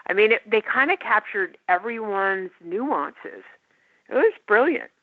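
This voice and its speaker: A woman's voice: mid-range voice, lively intonation, measured pace, dry recording. A woman guest talking about technology in a chatty, enthusiastic way over a call. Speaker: tech guest. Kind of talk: casual podcast chat. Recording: phone-like line, dry.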